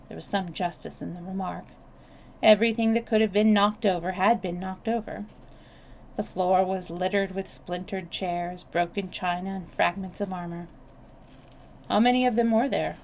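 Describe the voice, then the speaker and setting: Gravelly-voiced woman reading a novel. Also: on the low side, moderate pace, slight background noise. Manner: steady reading with small restarts. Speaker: storyteller. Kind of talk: reading a novel aloud on a live stream.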